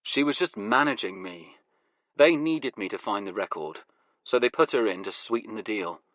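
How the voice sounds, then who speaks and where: A man reading a first-person story aloud in a wry, deadpan way. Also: lowish voice, normal speed, dry recording. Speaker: audiobook narrator. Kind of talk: first-person scripted narration.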